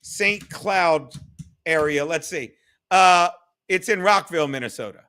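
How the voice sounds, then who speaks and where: A man's voice: a little high, a little slow, pushed and bright. A man hosting a casual livestream chat, loose and profane, reading viewer comments aloud. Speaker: livestream podcast host.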